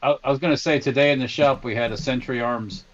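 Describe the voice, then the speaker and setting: A man's voice: medium pitch, fairly even intonation, fast. A man co-hosting a casual podcast, rambling and sarcastic, often restarting his phrases. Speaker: podcast co-host who works in a gun shop. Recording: muffled lo-fi remote audio.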